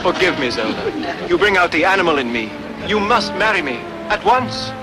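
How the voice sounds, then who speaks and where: An actor playing a pompous, smitten upper-class English gentleman in a 1960s sitcom, with florid, courtly phrasing. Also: high-pitched, big pitch swings, moderate pace, over music, poor audio.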